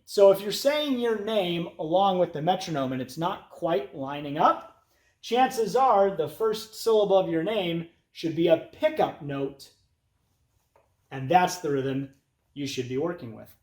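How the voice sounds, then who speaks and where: A man teaching an elementary music lesson, chanting names in rhythm over a metronome. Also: high-pitched. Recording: roomy echo.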